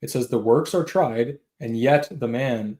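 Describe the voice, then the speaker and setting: A man debating calmly, answering in short, relaxed replies. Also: medium pitch, measured pace, roomy sound. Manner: calm, brief replies, says "bro". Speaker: debate guest. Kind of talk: casual debate.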